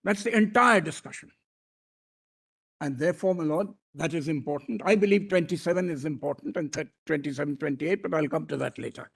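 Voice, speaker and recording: A man's voice: a little high, fast talker, vocal fry, few pauses, a little mellow, breathy edge. A man with an Indian English accent arguing formally before a court bench, deferential and emphatic, addressing the judges as "my lord" and often restarting his phrases.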